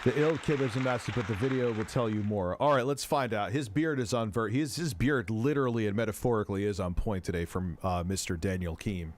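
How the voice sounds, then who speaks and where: A man's voice: lowish voice, a little fast, hardly any pauses, a faint crowd, slight background noise. A man hosting a casual livestream commentary, rambling, cursing freely and often cutting himself off mid-sentence. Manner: rambling, profane, self-interrupting. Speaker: host.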